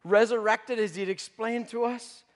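A guilt-stricken disciple Peter, played by a man, recalling his denial in a dramatic first-person monologue. The voice sits high for a man and carries a long reverb, as if from a big hall. He swings from urgent outbursts to hushed, broken confession. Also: fairly even intonation, unhurried. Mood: grieving. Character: remorseful male disciple Peter, grown man haunted by guilt.

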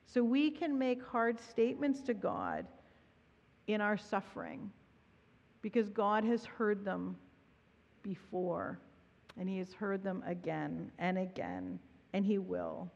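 A woman pastor preaching a sermon in an earnest, reflective way, her voice softening when she voices prayers. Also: mid-range voice, lively intonation, slow, creaky, pauses often. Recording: dull audio with long hall reverb.

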